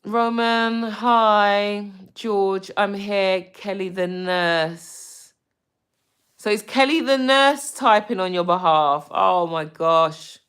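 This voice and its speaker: A woman from the UK hosting a casual live stream, greeting viewers with lots of ums and gushing when she gets excited. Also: medium pitch, takes it slowly, smooth. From United Kingdom. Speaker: livestream host.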